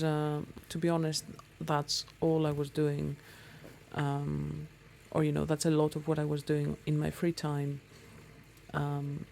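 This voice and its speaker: Here a woman vlogs from her motorbike, chatting loosely to viewers with lots of ums. Her low-pitched voice is warm and has vocal fry, with a little hiss or hum behind it.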